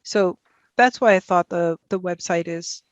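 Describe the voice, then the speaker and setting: A woman's voice: fairly low pitch, a little slow, no room sound, highs cut off. A woman in her seventies speaking as a guest on a video call from her home office, rambling and thinking aloud with many fillers and restarts. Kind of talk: conversational talk and audience Q&A.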